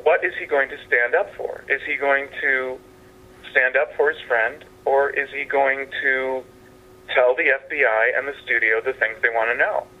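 A man calling in from a house as a guest on a radio interview, speaking at a middle pitch. His talk is halting and meandering, full of restarts. The sound is narrow and phone-like. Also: steady tone. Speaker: playwright and actor guest. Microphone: telephone. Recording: tinny phone line.

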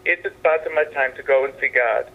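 A man's voice: mid-range voice, fast talker, lightly acted. A man voicing an elderly, theatrical Pope with an Italian accent, speaking in a grand, exclamatory way. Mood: benevolent. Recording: tinny phone line.

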